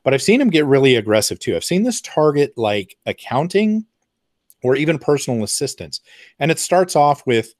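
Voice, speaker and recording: A man's voice: a little high, sing-song, normal speed, a little mellow, no echo, clean studio sound. A man giving an explanatory talk in a conversational way, with fillers and asides. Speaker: presenter.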